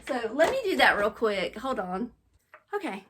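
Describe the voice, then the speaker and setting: A middle-aged woman with a slightly high voice talks through her decorating project at home. She sounds a little out of breath and chats easily to her viewers as she works. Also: big pitch swings, normal speed, a bit bright. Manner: chatty, talking to viewers while working. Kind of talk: casual chat while decorating. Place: home bedroom.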